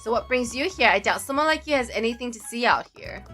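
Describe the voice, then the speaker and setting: A woman voicing a rough, growling middle-aged male rebel leader who runs a tavern, in a visual novel read-aloud. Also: fairly high pitch, animated, quick pace, sharp tone, faint music behind. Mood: suspicious.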